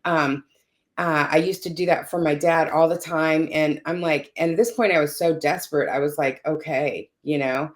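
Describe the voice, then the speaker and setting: A woman's voice: sits low, steady tone, moderate pace. A woman telling a personal caregiving story in conversation, checking in often with "you know" and "right?". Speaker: caregiver sharing her story.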